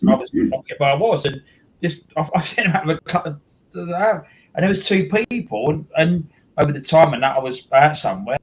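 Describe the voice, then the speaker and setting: A man's voice: fairly high pitch, low-quality recording. A man, hosting a casual chat and rambling with many restarts and repeated words. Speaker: host.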